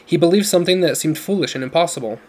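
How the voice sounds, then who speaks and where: A man's voice: fairly high pitch, racing, voice pushed up, natural voice. A man voicing a steadfast young woman who speaks earnestly and pleadingly.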